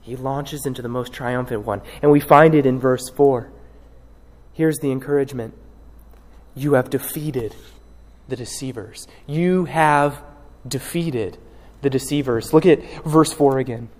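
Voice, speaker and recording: Man, pastor, expository sermon, emphatic, repeats words with pauses, long hall reverb. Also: mid-range voice.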